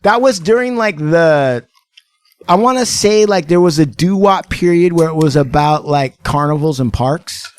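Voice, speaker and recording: A man's voice: a little high, unhurried, darkish tone, no echo. A man hosting a podcast, rambling and playful in casual chat, laughing often. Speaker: podcast host.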